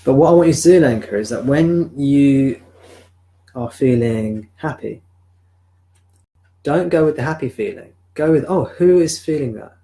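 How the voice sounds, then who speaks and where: Gentle man guiding self-enquiry. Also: mid-range voice, unhurried, gravelly, long pauses. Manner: gentle, repetitive questioning. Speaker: spiritual teacher. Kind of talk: live satsang guidance. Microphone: video call or webcam.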